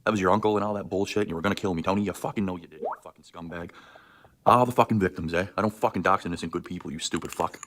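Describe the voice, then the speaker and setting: A man's voice: low-pitched, very fast, a bit bright. A man in his thirties ranting on a livestream, furious and profane, hurling insults. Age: 30s. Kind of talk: angry livestream rant.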